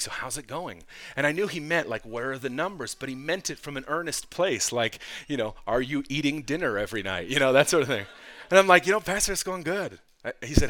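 Guy pastor preaching, thirties, bright voice, gets loud and fired up then goes soft and chatty. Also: medium pitch. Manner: swings from loud impassioned preaching to quiet conversational asides. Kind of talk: sermon.

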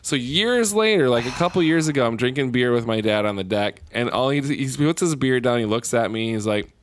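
A man telling a story in casual podcast chat, animated and profane. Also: mid-range voice, fairly quick, no room sound.

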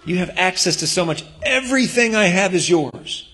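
A man acting out a loving father who softly reassures and pleads with his resentful older son. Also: high voice, lively intonation, moderate pace, breathy edge, pitched above the performer's own voice, exaggerated voice. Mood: tender. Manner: soft, tender, pleading.

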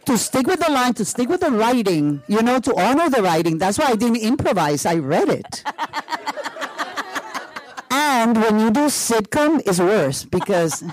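A woman's voice: medium pitch, dry recording. A woman with a Puerto Rican accent telling a story on a panel, acting out what people said, laughing often and slipping in Spanish. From Puerto Rico. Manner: animated storyteller, acts out quotes, laughs often, Spanish asides. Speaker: actress on a panel. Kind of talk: panel talk, telling an anecdote.

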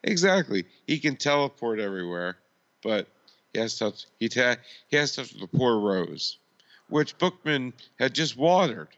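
A man's voice: medium pitch, very animated, moderate pace, a bit bright, highs cut off. A man co-hosting a casual chat, rambling and correcting himself as he goes. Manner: rambling, self-correcting, apologetic. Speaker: podcast co-host.

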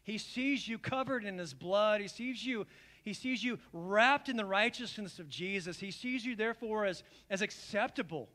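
A man pastor preaching a communion sermon to his congregation, earnest and pleading, swinging from emphatic calls down to low, quiet invitations. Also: normal speed. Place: church service.

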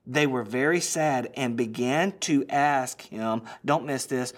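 A man's voice: medium pitch, a little slow, hardly any pauses. Dramatic male pastor preaching a sermon. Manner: dramatic preaching, swinging between loud emphasis and hushed near-whisper.

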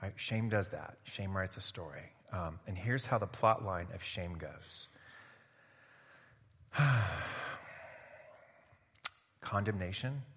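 A man preaching a sermon in a conversational way, breaking into loud emphatic bursts. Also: deep voice, normal speed, hardly any pauses, breathy edge. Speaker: pastor. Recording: muffled sound in a reverberant hall.

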